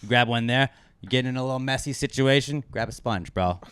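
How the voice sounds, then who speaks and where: A man hosting a casual podcast, cursing freely and getting loud as he acts out insults. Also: medium pitch, fast, smooth, dry recording. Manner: profane, animated, swings loud when acting out insults. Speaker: podcast host.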